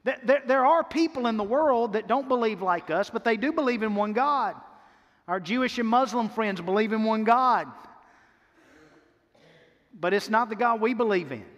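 A man pastor preaching a sermon, emphatic and repetitive, slowing down to stress key words. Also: sits high, a bit bright, lo-fi sound. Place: church sanctuary. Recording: long reverb of a church hall.

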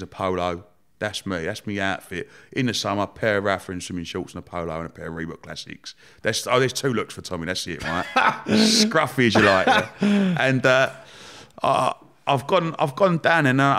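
A man, a podcast guest telling his story in a lively, slangy, chatty way. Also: on the low side. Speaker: guest, entrepreneur. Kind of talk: casual storytelling.

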